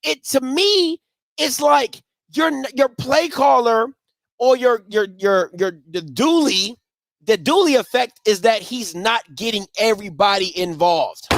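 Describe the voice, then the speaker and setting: A man hosting a postgame call-in show, excitable, often repeating himself as he talks fast and loud about the game. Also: sits high, dry recording. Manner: excitable, repeats and restarts, shouts. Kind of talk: animated sports call-in talk.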